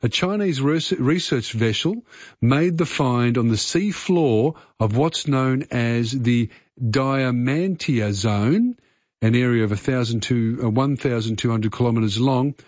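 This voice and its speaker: A man's voice: medium pitch, measured pace, darkish tone, no echo, dull audio. A middle-aged Australian man hosting a casual radio quiz, chatty and full of uh fillers. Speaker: radio host.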